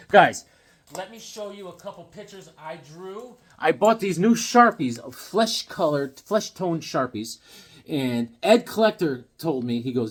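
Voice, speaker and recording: A man's voice: a little high, animated, unhurried, husky. A man in his fifties chatting casually to camera about comics he collects and pictures he drew, rambling and joking as he goes. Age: 50s. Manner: rambling, jokey, drops into silly voices. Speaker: comic collector and hobby artist.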